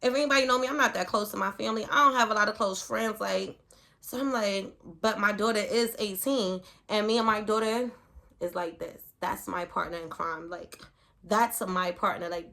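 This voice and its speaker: A woman's voice: medium pitch, moderate pace, vocal fry, pushed and bright. A middle-aged woman telling a personal story in a chatty, casual way, full of "like" and "whatever". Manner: chatty, peppers speech with "like" and "whatever". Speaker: parenting vlogger.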